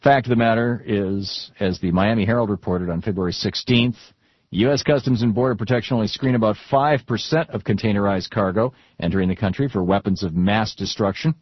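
Middle-aged male radio host; husky, lecturing, sarcastic; dry studio sound, slightly muffled. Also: lowish voice, a little fast, no room sound. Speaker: radio talk show host. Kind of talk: talk radio commentary.

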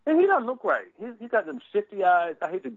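A man's voice: sits high, big pitch swings, quick pace, dry recording, highs cut off. A man with a Philadelphia accent, co-hosting a casual chat, profane and rambling. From US Northeast. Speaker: podcast co-host.

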